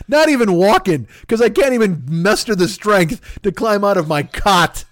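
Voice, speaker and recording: A man's voice: sits high, lively intonation, normal speed, hardly any pauses, a bit bright. A man co-hosting a comedy podcast, rambling and self-deprecating, talking into a studio microphone. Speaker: podcast co-host.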